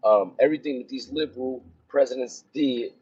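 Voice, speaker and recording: A man's voice: medium pitch, brisk, darkish tone, husky. A man, a military officer, talking in a rambling, casual vlog style with lots of fillers. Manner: rambling, conversational, many fillers. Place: driving onto a military base. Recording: dull lo-fi sound.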